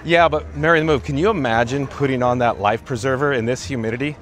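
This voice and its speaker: A man's voice: medium pitch, quick pace, fairly bright tone. A man hosting a live-streamed walking tour outdoors in a theme park, chatting and reading viewer comments aloud, recorded on a handheld mic while walking.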